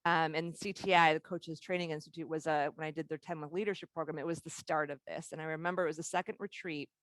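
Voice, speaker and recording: Woman leadership teacher, low dry voice. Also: steady tone, fast, a bit bright, no echo. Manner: candid, storytelling with laughs. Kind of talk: live workshop teaching.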